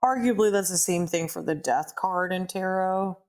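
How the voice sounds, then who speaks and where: A woman co-hosting a podcast in casual chat, animated and quick to laugh or play exasperated. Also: fairly low pitch. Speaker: podcast co-host.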